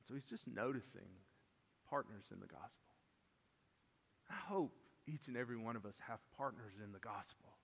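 A man preaching an earnest expository sermon as pastor, moving between emphatic and hushed delivery. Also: mid-range voice, normal speed, creaky, husky. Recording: long reverb of a large church hall.

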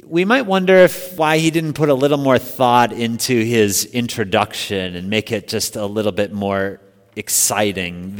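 An American man preaching a sermon in a relaxed, conversational way, quizzing his congregation. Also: lowish voice, long reverb tail. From United States. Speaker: pastor.

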